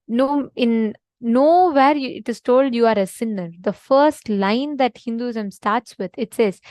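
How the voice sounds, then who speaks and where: Earnest high-voiced woman teaching devotion. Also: slow pace, darkish tone, no room sound, studio quality. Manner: earnest, emphatic, repeats key points. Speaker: spiritual teacher.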